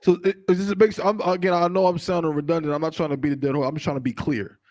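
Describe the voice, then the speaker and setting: High-voiced man in a religious class. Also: level tone, rapid-fire, a little mellow, no room sound. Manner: repeated affirmations, earnest questions. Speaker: class member. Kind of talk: call-and-response and scripture reading.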